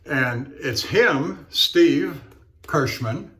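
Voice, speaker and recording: A man talking casually while he shaves, in a halting, rambling way with many fillers and restarts. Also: on the high side, lively intonation, a bit bright. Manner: rambling storyteller. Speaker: straight razor shaving vlogger. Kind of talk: casual talk while shaving.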